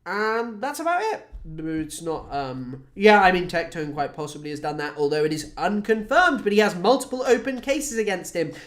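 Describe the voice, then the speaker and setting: A woman's voice: lowish voice, expressive, normal speed, hardly any pauses. A woman from the UK chatting casually on a livestream, rambling, swearing and often restarting her sentences. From United Kingdom. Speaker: streamer.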